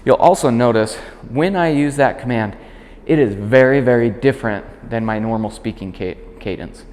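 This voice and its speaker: A man working as a dog trainer, calmly explaining a demonstration and switching to short, clear commands for the puppy. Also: mid-range voice, normal speed, long reverb tail. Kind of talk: instructional demonstration.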